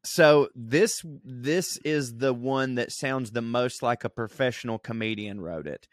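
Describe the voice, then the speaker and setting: A man's voice: mid-range voice, unhurried, hardly any pauses, no echo, clean studio sound. A man co-hosting a casual podcast, swearing freely and laughing as he reads out quotes. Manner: crude, laughing storyteller reading quotes aloud. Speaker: podcast co-host.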